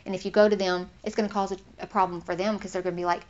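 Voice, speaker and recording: A woman's voice: medium pitch, racing, few pauses. Earnest woman teaching the Bible, lo-fi. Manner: earnest, conversational, animated when quoting others. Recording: slightly dull lo-fi recording.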